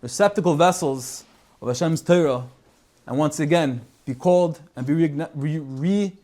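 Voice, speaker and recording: A man giving a Torah talk as a lively story, mixing in Hebrew and Yiddish words. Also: on the high side, measured pace. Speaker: Torah speaker.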